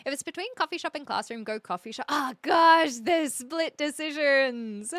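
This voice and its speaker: Reading viewer comments aloud, this young female streamer muses in a loose, undecided, talkative manner. She has a high voice, speaks at a normal speed, and the recording carries no room sound.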